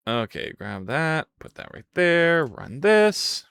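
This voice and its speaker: A live streamer talking through code, with a voice that swings widely up and down. The delivery is slow and unhurried between sudden excited yelps, and the sound is dry and close. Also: medium pitch, creaky, clean tone, no room sound. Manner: excitable, yelps and swears when things break; playful, chats with viewers between tasks. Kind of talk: thinking aloud while coding on a live stream.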